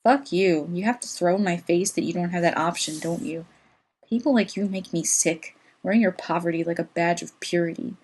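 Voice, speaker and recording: A woman's voice: fairly low pitch, brisk, darkish tone, husky. A woman reading as a resentful, restless young woman. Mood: angry. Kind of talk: reading a novel aloud.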